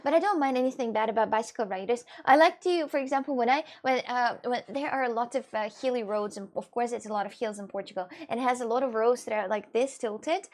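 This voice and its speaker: A woman's voice: fairly high pitch, fast talker, few pauses. Rambling young woman streamer. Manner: rambling, many fillers and restarts, reads chat aloud. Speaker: livestreamer chatting with viewers. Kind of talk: casual chat.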